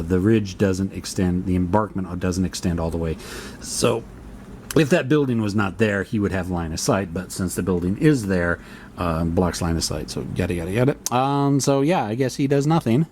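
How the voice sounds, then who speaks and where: This man's low, darkish voice is expressive and moves at a moderate pace, with a little hiss or hum underneath. Alone with a board wargame, he thinks aloud, reads the rules out and reasons through them turn by turn.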